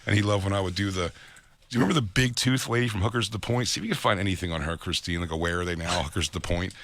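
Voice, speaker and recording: Low-voiced man hosting a radio show. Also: racing, fairly bright tone, no room sound. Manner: rambling storyteller, acts out voices, laughs often. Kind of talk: casual crude radio banter. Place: radio studio. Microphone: studio microphone.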